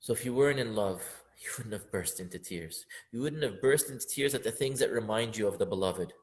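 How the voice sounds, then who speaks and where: A man's voice: on the low side, brisk. Impassioned man teaching a poem. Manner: impassioned, building up to loud emphatic peaks, sometimes half-singing verses. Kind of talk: religious lesson on a poem.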